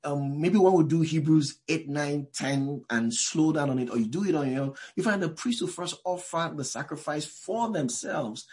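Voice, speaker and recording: A pastor with a slightly high, somewhat mellow voice preaches to a live church congregation at normal speed with few pauses. His style is loose and conversational, full of asides and direct questions to the listeners.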